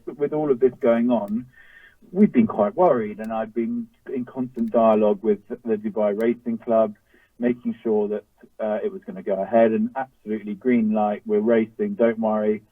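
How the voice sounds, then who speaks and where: A man with a lowish voice tells a story in an interview, his talk full of fillers and self-corrections. He sounds thin and phone-like, set back from the mic in a dry space. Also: no room sound. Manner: rambling, many fillers and restarts. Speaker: racehorse trainer. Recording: tinny phone-like line, distant from mic.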